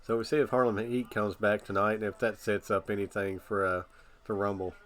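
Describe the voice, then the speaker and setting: A man chats through a live watch-along in a low, relaxed voice. He rambles casually, circling back with loose filler phrases. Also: a little fast. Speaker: live stream reaction host. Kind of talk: casual reaction commentary.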